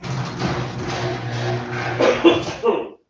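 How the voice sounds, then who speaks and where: A man's voice: drawn-out words, echoey room, highs cut off, slight background noise. A man co-hosting a homebrewing video, joking and teasing his friend in casual chat. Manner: teasing, playful, animated. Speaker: homebrewer co-host. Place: garage at a friend's house.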